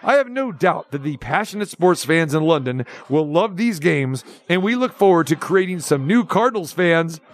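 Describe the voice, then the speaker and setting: A man hosting a sports talk radio show, ranting with sarcasm and animated energy. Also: fairly high pitch, normal speed, few pauses.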